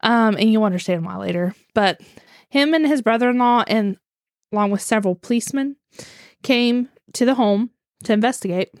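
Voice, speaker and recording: A woman's voice: a little high, moderate pace, no echo, studio quality. A woman with a West Virginian accent, chatting as a podcast co-host and telling a true-crime story, laughing often as she talks.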